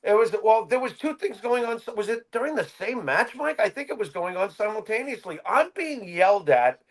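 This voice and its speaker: A man with a fairly high voice that swings widely up and down as he talks. He co-hosts a casual podcast and spins animated stories, slipping into the voices of the people he quotes. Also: brisk. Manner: animated storytelling, acts out quotes with laughs. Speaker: podcast co-host. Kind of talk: casual chat.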